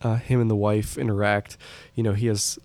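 A man's voice: lowish voice, level tone, normal speed, darkish tone, dry recording. A young man casually discussing a film, easygoing and agreeable with frequent ums. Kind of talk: casual film review chat.

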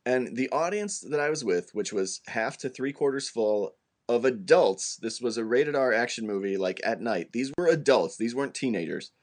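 A man's voice: mid-range voice, expressive, normal speed. A man co-hosting a podcast in casual chat, joking and rambling. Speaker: podcast co-host.

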